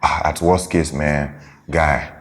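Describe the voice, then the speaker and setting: Deep-voiced Nigerian man, slow and searching. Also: steady tone, fairly bright tone. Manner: slow, searching, often asks "you get?". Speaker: podcast co-host. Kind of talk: casual couple chat.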